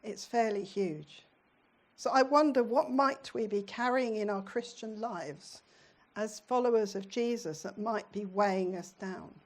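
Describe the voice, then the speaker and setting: A woman's voice: mid-range voice, unhurried. A middle-aged British woman preaching a sermon in a church, in a conversational way, often putting questions to her congregation.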